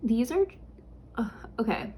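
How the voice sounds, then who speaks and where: A woman's voice: fairly high pitch, big pitch swings, measured pace, mellow, slight background noise. A young woman from the United States in casual makeup tutorial chat, rambling and chatty with fillers, talking at home in her beauty room. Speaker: beauty vlogger.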